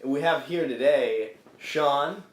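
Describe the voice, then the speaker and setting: A man's voice: fairly high pitch, slow pace. Joking, crude-talking male podcast host. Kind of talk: casual chat. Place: home room. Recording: roomy echo.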